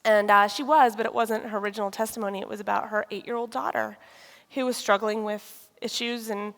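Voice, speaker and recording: A woman giving a personal testimony, telling her story in a lively way and acting out conversations. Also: medium pitch, fairly quick. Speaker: speaker sharing a personal testimony. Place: church sanctuary. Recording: reverberant hall.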